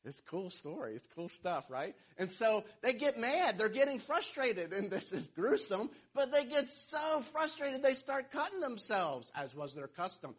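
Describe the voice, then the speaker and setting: A man's voice: high voice, sing-song, unhurried, hardly any pauses, husky. A man preaching a sermon, retelling a scripture story in a playful, joking way with asides to the listeners. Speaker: pastor. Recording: dull, lo-fi sound.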